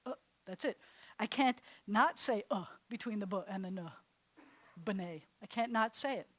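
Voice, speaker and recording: A woman rabbi teaching a live class, chatty and animated, laughing at herself as she demonstrates sounds. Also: medium pitch, normal speed, no room sound. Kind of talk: classroom lesson. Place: congregation classroom.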